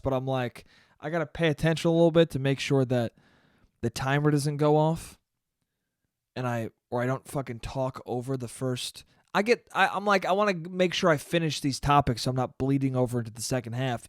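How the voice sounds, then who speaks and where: A man's voice: mid-range voice, smooth, dry recording, clean studio sound. A young man hosting a casual solo podcast, ranting animatedly and swearing as he acts out conversations. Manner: animated, swears, mimics people in quoted asides. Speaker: podcast host. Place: small room, recording himself on camera.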